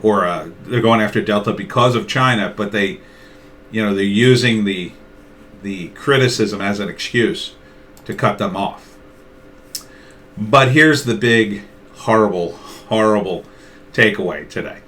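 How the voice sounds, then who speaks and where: A middle-aged political commentator gives a casual opinion monologue in a fairly low voice at a measured pace, pausing often. He's animated, acting out both sides of imagined conversations.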